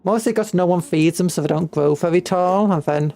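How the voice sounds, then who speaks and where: A woman's voice: lowish voice, fairly quick, dark tone. A woman from Britain streaming a strategy game, chatting playfully and humming to herself.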